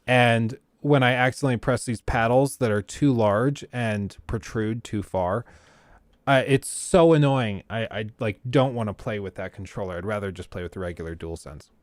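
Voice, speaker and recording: A man's voice: fairly low pitch, normal speed, dry recording, studio quality. A man hosting a casual livestream, ranting bluntly and sarcastically to his chat. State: keeps choking on throat. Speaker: livestream host.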